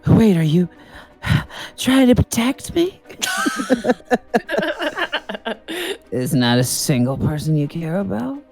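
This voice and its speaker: A vengeful male ex-con snarls threats and taunts, played by a woman reading game dialogue. The voice sits low with a gravelly fry, and the delivery is slow, with wide swings in pitch. Faint music plays underneath. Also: sing-song, a little mellow, exaggerated voice. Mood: snarling. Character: vengeful male ex-convict, bitter and menacing.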